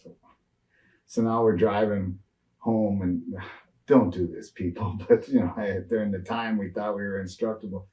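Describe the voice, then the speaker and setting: A man's voice: lowish voice, fairly even intonation, moderate pace, mellow, recorded from a distance, low-quality recording. A man in his sixties, a retired wrestler, rambling through road stories in a shoot interview with lots of fillers and restarts.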